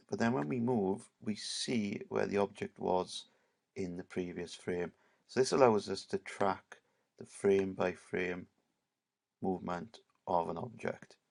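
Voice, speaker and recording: A male teacher, giving a casual screen-recorded software tutorial and leaning on "right" and "obviously". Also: sits low, vocal fry.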